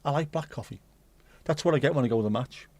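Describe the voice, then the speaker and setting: A man's voice: medium pitch, fast talker, a little mellow, no echo. A man with a mid-range voice hosts a casual livestream. He chats loosely with his viewers, reads their messages out and answers them, and drops the odd swear word. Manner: chatty, swears casually, answers chat aloud. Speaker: livestream host reading chat. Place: home streaming setup.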